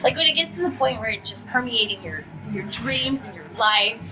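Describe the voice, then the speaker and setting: Bubbly, animated woman voice actress. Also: on the high side, low-quality recording. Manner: bubbly, animated storytelling with quick asides. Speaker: voice actress and anime script writer, guest. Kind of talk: casual press conference answers. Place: convention press room. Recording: music playing in the background.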